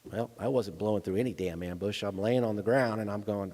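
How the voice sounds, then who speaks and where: A man's voice: lowish voice, a little fast, darkish tone. A man in his thirties telling a personal story to a lecture audience, acting out voices with dry humor. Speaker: guest speaker, veteran. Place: lecture hall. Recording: long hall reverb.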